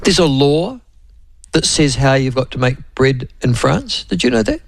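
A New Zealand man hosts a relaxed talk radio show, wandering from story to story with plenty of ums and uhs. His voice has a gravelly, creaky edge, and the recording is dry and close. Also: medium pitch, normal speed, no room sound. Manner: rambling, chatty, many fillers. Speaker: radio host. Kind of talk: casual talk radio chat.

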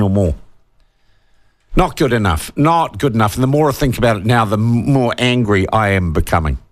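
A man in his sixties with a New Zealand accent, hosting talkback radio and reading out texts, indignant and emphatic as he gets worked up. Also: a little high. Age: 60s. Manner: indignant, emphatic, growing heated. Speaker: talk radio host. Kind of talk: opinionated talkback radio monologue.

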